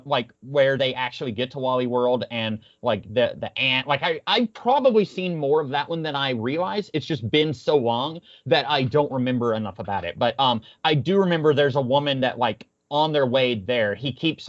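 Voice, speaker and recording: Rambling man on a muffled podcast mic. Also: medium pitch. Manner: rambling, lots of fillers and restarts. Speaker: podcast co-host. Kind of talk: casual chat. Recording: muffled lo-fi audio.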